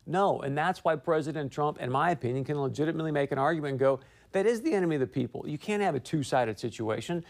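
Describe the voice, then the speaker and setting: Emphatic male talk show host. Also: darkish tone. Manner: emphatic, rises in pitch when pressing a point. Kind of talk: opinionated political commentary. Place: broadcast studio. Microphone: studio mic.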